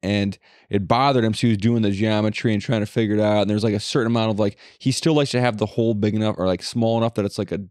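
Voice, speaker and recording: A man's voice: fairly low pitch, fairly even intonation, fast talker, a little mellow, clear, resonant tone, dry recording, clean studio sound. A young man co-hosting a casual podcast, rambling with lots of swearing and filler words. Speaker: podcast co-host. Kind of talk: casual chat.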